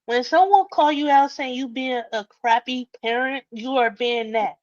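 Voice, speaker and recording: A woman's voice: high voice, moderate pace, darkish tone, no room sound, lo-fi sound. A woman joining a casual gossip chat, agreeing in short bursts and lecturing when she talks longer.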